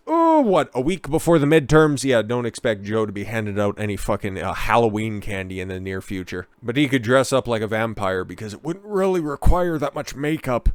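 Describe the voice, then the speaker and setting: A man's voice: on the low side, smooth, no room sound, studio quality. Profane, sarcastic male political ranter. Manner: mocks others in put-on whiny voices. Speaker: political commentator. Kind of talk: ranting political commentary.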